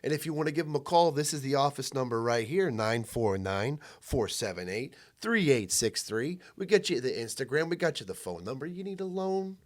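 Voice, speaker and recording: A man co-hosting a podcast in casual chat, agreeable and quick to chime in. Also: medium pitch, animated. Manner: agreeable, chimes in with short affirmations. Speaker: podcast co-host.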